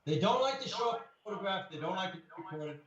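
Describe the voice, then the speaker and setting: A man's voice: high voice, expressive, quick pace. A man who investigates the paranormal, telling anecdotes in a casual radio interview, rambling with many fillers. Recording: roomy, muffled, with crowd noise.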